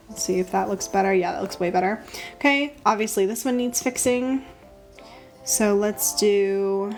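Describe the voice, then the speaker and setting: A woman's voice: on the high side, a little mellow. A woman chatting casually and thinking aloud as she draws on a live stream, with frequent ums. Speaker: digital artist streaming live. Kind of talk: casual live-stream chat while drawing.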